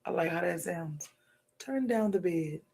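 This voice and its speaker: A woman's voice: lowish voice, measured pace, gravelly, darkish tone, breathy edge. A tired woman hosting a livestream, chatting casually and encouraging her viewers as she signs off. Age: adult with a daughter. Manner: chatty, encouraging, loose slangy talk. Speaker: livestream show host. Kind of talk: casual sign-off chat with viewers.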